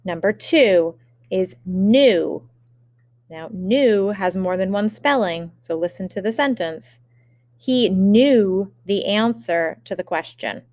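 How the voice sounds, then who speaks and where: A woman teacher giving a remote spelling lesson, dictating words slowly and carefully with example sentences. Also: mid-range voice, animated, a little mellow, no echo, clean studio sound.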